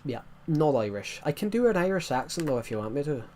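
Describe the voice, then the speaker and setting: A man streams a game and chats loosely with viewers in a West Country English accent, rambling and restarting. His fairly high voice is sing-song, fast and warm, and a little hiss or hum sits in the recording.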